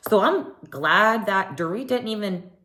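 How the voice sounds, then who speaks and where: A woman hosting a casual TV recap, chatty and animated, often acting out what people said. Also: mid-range voice, unhurried. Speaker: recap podcast host.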